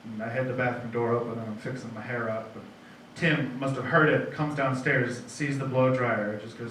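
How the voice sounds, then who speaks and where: A man's voice: mid-range voice, fairly even intonation, normal speed, fairly bright tone, distant mic. A young man doing a rambling, self-deprecating stand-up set at a bar comedy night, with restarts and asides to the crowd. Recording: very echoey room, mic heard from afar, faint noise.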